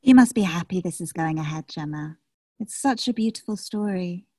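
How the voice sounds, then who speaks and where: A woman's voice: fairly low pitch, animated, normal speed, mellow, dry recording, clean studio sound. A woman playing a snippy, patronising office colleague. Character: catty female production staffer.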